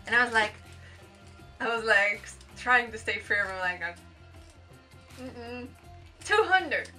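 Young woman, casual vlog chat, slow and bright, a little off-mic, soft music behind. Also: medium pitch, fairly even intonation, recorded from a distance. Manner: chatty, laughs at herself, acts out haggling. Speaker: travel vlogger.

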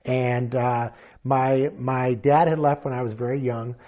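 A man in his fifties from Marin County, California, telling stories as an interview guest in a lively, animated way. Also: medium pitch, a little slow, highs cut off. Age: 50s. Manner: animated storyteller acting out quotes. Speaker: guest, mental toughness trainer. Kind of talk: casual interview storytelling.

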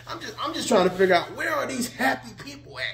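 A man's voice: very high-pitched, very animated, fast talker, vocal fry, fairly bright tone, soft background music. A man giving a casual video monologue as an online commentator, firing off emphatic rhetorical questions and laughing often. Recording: roomy echo.

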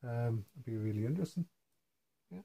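A man hosting a family vlog, telling stories in a relaxed, rambling way while lying in bed at home. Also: medium pitch, brisk, vocal fry. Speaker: vlog host. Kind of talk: casual family Q&A chat. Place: home bedroom.

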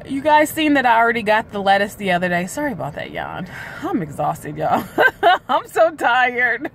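A woman's voice: medium pitch, vocal fry, a little hiss or hum. Chatty woman vlogging from a car. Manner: chatty and candid, drawn-out filler sounds. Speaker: weight-loss vlogger. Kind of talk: casual chatty vlog. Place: parked car outside a hospital.

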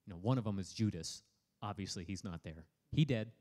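A man's voice: deep voice, fairly quick, darkish tone. A man preaching a sermon as a pastor, casual and joking, reading scripture aloud and breaking off to comment on it. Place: church hall.

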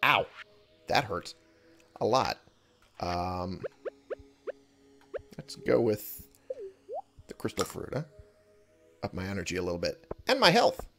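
This gaming video host speaks low and slowly, with big pitch swings and long pauses. He chats to himself in casual let's-play commentary while game music runs in the background.

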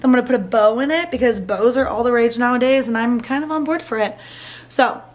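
A woman's voice: fairly high pitch, a little fast. A young woman, chatting casually to camera at home in a bubbly, rambling vlog style. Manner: chatty, bubbly, says "like" and "um" often. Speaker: vlogger. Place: home, indoors.

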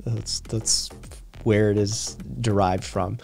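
A man's voice: fairly low pitch, flat delivery, takes it slowly, vocal fry, a little mellow, faint music behind. A man with a northeast Tennessee accent chatting loosely and profanely on a livestream while reacting to a video. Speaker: streamer. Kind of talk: casual stream chat reacting to video.

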